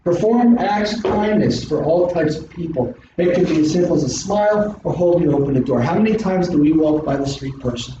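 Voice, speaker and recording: A middle-aged man with a South Philly accent, an instructor giving an animated classroom lecture full of rhetorical questions. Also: fairly high pitch. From South Philadelphia, US. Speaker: college instructor. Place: large classroom. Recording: distant echoey classroom recording, dull and hissy.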